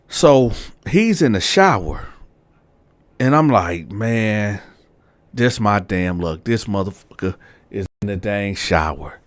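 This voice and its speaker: A man's voice: on the low side, no echo. Slangy man telling a prison story. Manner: animated, slangy, talks straight to viewers. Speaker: storyteller host.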